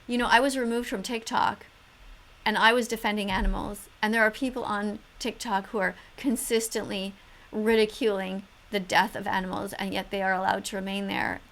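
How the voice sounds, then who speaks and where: A woman's voice: mid-range voice, level tone, normal speed, a bit bright. A woman commenting on videos in an earnest, emotional way, close to tears. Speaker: vegan activist vlogger.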